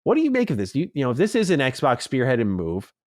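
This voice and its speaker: Male podcast co-host, mid pitch, animated and casual, dry close mic. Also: fast talker, no room sound. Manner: animated, swears, reads listener mail.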